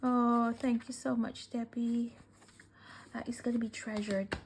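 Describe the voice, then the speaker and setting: Woman, vlogger, slow-talking, gushing, tearful, soft whispers, faint background noise. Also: fairly high pitch, little pitch movement. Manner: gushing, emotional, often breaking into soft whispers; slow, with many fillers and sighs. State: tearful, welling up. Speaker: crafting vlogger. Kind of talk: casual unboxing chat.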